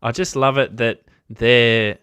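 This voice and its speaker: A man's voice: mid-range voice, steady tone, slow pace, a bit bright, smooth, no room sound. An Australian man hosting a casual live-stream chat, joking around, laughing often and reading out viewer comments. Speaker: host of a ham radio channel.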